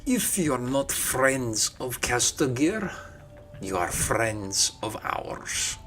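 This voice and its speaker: A man's voice: mid-range voice, sing-song, drawn-out words, fairly bright tone, soft background music, full character voice. A man voicing a huge scarred one-eyed troll who speaks with formal courtesy, for a tabletop game. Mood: courteous.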